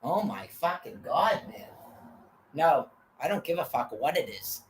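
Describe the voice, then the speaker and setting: A woman's voice: deep voice, big pitch swings, a little slow, slight background noise. An older woman vlogging an angry, profanity-heavy rant, agitated and quoting what others said to her.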